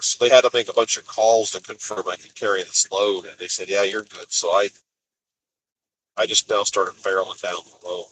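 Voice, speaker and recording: A man's voice: lowish voice, fairly even intonation, fairly quick, fairly bright tone, a little hiss or hum, rough recording. A man driving a cargo van, telling the story of his frustrating morning in an exasperated, casual vlog monologue. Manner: exasperated storytelling, acts out quotes. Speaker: expedite van driver. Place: inside a cargo van on the highway.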